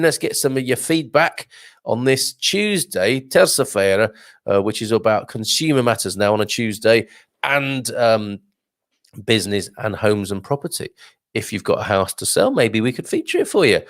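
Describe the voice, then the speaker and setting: A man's voice: fairly low pitch, dry recording, clean studio sound. A man hosting a live show, chatting casually and rambling through viewer comments with jokes and laughs. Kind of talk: casual live-stream chat.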